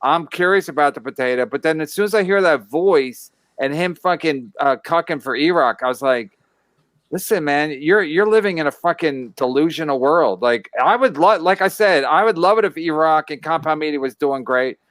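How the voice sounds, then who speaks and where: A man co-hosting a podcast, ranting in a halting, profane way. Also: a little high, expressive, a bit bright, no room sound. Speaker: podcast host. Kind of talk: casual podcast chat.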